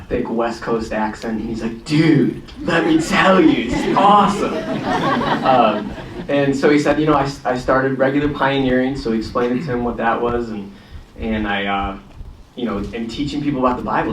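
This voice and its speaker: A man's voice: medium pitch, a little hiss or hum. A man casually telling a story to a congregation audience, chatty and self-deprecating, before playing guitar. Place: congregation hall. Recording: echoey hall, distant mic, guitar.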